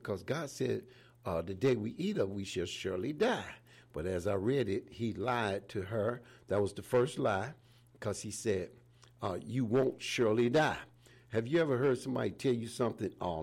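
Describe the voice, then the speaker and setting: A man's voice: on the low side, creaky, darkish tone, husky. A man in his seventies preaching an informal sermon in a folksy way, often repeating "praise the Lord" between phrases. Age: 70s.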